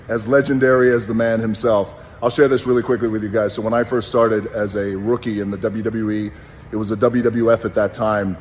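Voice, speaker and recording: Man, 50s, earnest and unhurried, lowish voice, reverberant room with faint noise; heartfelt tribute read. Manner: earnest, unhurried, with pauses and fillers. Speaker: wrestler giving a tribute.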